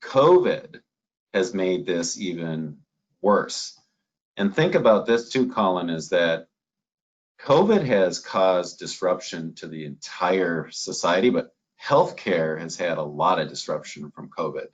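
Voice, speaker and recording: Low male voice, Minnesota accent, doctor guest, folksy and easygoing, muffled lo-fi audio. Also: expressive, slow, slightly rough. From northern Minnesota, USA. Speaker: chief medical officer, guest. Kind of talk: conversational interview.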